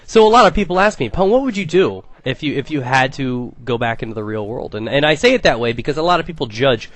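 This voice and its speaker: A man's voice: medium pitch, lively intonation, fast, fairly bright tone. A young man telling a rambling, profane story in casual gaming commentary, with lots of restarts. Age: young adult.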